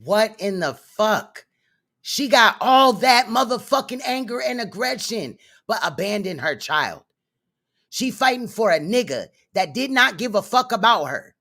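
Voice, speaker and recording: A woman's voice: medium pitch, expressive, a little slow, fairly bright tone. Sarcastic, foul-mouthed woman commentator. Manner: sarcastic, profane, blunt. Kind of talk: reaction commentary.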